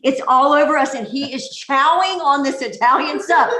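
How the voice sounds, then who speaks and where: A middle-aged woman pastor telling a lively story from the pulpit, laughing easily as she talks to the congregation. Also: high-pitched, normal speed. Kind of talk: sermon-style storytelling. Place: church sanctuary. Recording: echoey church room.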